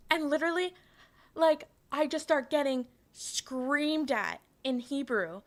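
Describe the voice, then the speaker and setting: A young woman from Canada with a fairly high voice, chatting casually on a stream. She rambles, laughs often, restarts her sentences and talks straight to her chat. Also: unhurried.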